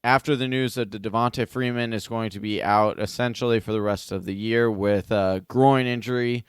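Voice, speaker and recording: Give me an easygoing man co-hosting a sports podcast, with a smooth voice. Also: on the low side, steady tone, normal speed, no echo, clean studio sound. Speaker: podcast co-host. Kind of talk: casual sports chat.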